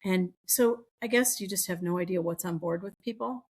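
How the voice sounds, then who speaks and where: A woman's voice: lowish voice, moderate pace, slightly rough. A middle-aged woman co-hosting a podcast, telling stories in casual chat and acting out the voices of people she quotes. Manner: chatty storytelling, acts out quoted voices. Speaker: podcast co-host.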